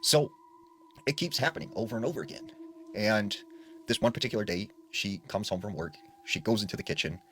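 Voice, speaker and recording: A man's voice: lowish voice, expressive, a little fast, fairly bright tone, slight background noise. A man casually retelling spooky stories in a conversational way, full of fillers like "like". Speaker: storyteller. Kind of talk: casual spoken ghost story narration.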